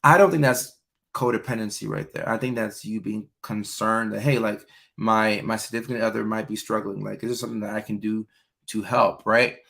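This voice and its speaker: A man's voice: fairly low pitch, fairly even intonation, fairly quick, vocal fry, fairly bright tone. A young adult man hosting a livestream, chatting casually about relationships and answering viewer questions, with lots of fillers. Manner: loose and chatty, many fillers, acts out quoted voices. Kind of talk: casual live chat.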